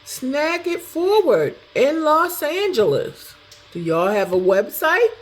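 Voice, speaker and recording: A woman casually chatting through a snack taste test, thinking out loud as she goes. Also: sits high, slow pace, slight background noise. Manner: talks to herself while tasting, animated, chatty. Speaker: food review vlogger.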